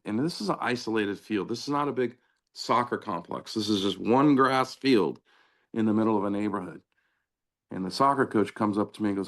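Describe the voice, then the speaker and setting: A middle-aged man with a low, gravelly voice, chatting casually as an interview guest. He tells anecdotes from his youth with energy and acts out each back-and-forth line of dialogue. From Southern California. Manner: animated anecdotes, acting out quoted dialogue. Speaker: interview guest, former pro soccer player. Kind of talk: casual storytelling.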